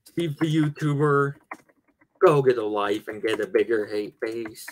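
Guy running a stream, slow short replies, mid pitch. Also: fairly even intonation, a little hiss or hum. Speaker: stream host. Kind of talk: casual chat.

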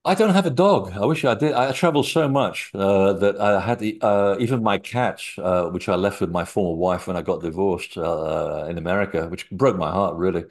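A man's voice: low voice, moderate pace, hardly any pauses, darkish tone. A man being interviewed, telling rambling, anecdotal stories with many fillers. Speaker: interview guest, author. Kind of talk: casual chat.

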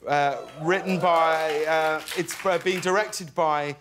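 A British man in his forties, a talk show guest telling stories in halting, animated bursts and acting out quotes. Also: a little high, a crowd in the background. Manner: animated, halting storyteller who acts out quotes.

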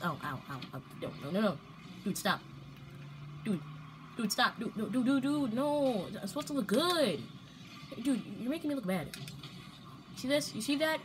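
A young woman commentating her own gameplay, playful and prone to loud outbursts and strings of repeated protests. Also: mid-range voice, background noise. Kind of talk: excited gaming commentary.

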